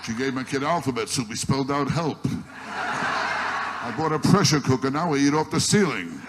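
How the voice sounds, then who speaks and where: This stand-up comic has a mid-range, animated voice and talks at a normal speed. He rattles off exasperated, grumbling one-liners to a live audience, captured in a noisy archival recording.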